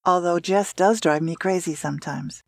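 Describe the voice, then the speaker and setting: A woman's voice: on the low side, moderate pace, gravelly, no room sound. A woman reading aloud and voicing a young man who teases his friend in a wry tone. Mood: teasing.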